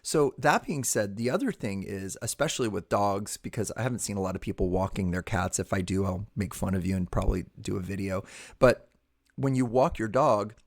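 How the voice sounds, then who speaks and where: A man with a low voice talks through a casual podcast conversation. He is animated and teasing, and his pitch leaps high when he laughs. He switches between earnest advice and joking asides. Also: fairly quick, gravelly. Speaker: podcast host.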